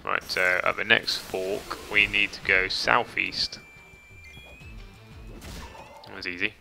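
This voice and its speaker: A man with a low, gravelly voice speaks slowly and in a level tone while streaming a game, reading chat and swearing lightly. Faint game music plays behind his casual commentary.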